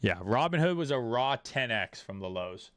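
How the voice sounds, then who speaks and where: A man's voice: medium pitch, very animated, normal speed, fairly bright tone, no echo. A man giving casual, profane, laid-back commentary on trading charts during a livestream, with many fillers. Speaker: trading streamer.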